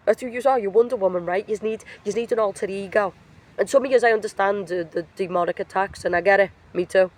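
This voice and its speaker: A woman's voice: medium pitch, a little mellow. A woman giving a casual, emphatic tarot reading outdoors in nature, speaking bluntly with slang while her voice is affected by being sick. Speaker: tarot reader.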